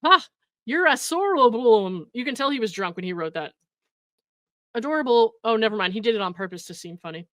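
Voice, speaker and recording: A woman's voice: mid-range voice, animated, quick pace, a bit bright, no echo. A woman hosting a commentary show, reading messages aloud and mocking them with sarcasm, swearing and frequent laughter. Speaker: commentary host.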